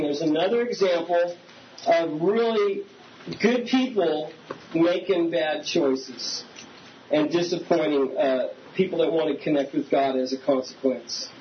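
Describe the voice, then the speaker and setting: A man serves as pastor and preaches a conversational sermon, often putting questions to the congregation. His voice is a little high and unhurried. The recording sounds slightly dull, with a faint hiss.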